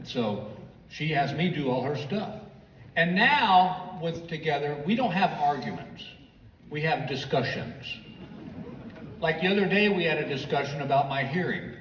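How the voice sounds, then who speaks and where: A man's voice: fairly high pitch, noisy background. An older American man doing a storytelling stand-up comedy routine on a theater stage, heard through a handheld stage mic from out in the audience. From United States. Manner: storytelling, mimics his wife in quoted lines. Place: large live theater stage. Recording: audience phone recording, roomy and distant. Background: audience laughter and clapping.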